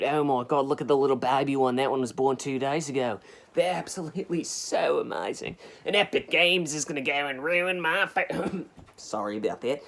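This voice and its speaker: A man's voice: medium pitch, close to an everyday voice. A man putting on a ranting fake-Australian park king. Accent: put-on Australian. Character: brash scheming male Australian park owner. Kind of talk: comedy mockumentary.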